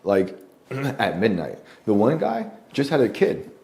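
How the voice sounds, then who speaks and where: A man guest telling a story in casual conversation at a home lunch table, rambling with many fillers and often clearing his throat. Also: on the low side, huge pitch swings, measured pace, a little mellow. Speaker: guest journalist.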